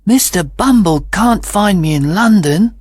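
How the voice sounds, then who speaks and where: A man reading a storybook aloud, voicing a small orphan boy who is timid but brave, in a very high childlike voice. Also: animated, unhurried, darkish tone, husky, no echo, exaggerated voice.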